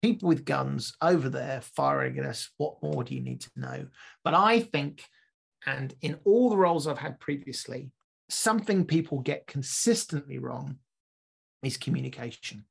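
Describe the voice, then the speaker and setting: A man co-hosting a casual podcast, his voice gravelly with a husky edge. He tells stories with energy and often repeats and restarts his words mid-thought. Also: mid-range voice, moderate pace. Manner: animated storyteller, restarts and repeats words while thinking. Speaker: podcast co-host.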